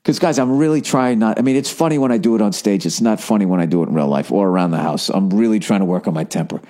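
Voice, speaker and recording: A man's voice: lowish voice, fast talker, mellow. A man, a comedian, telling a story in a casual, profane, self-mocking monologue.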